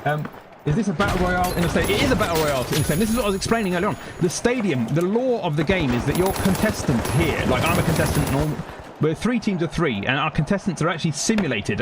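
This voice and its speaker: A man's voice: a little high, animated, quick pace, hardly any pauses, very noisy. A young man with a London accent chatting casually while streaming gameplay, rambling and breaking off to react to the game. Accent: London English. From Britain. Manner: rambling, self-interrupting, reacting to the game mid-sentence. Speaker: gaming streamer. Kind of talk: casual live-stream chat over gameplay.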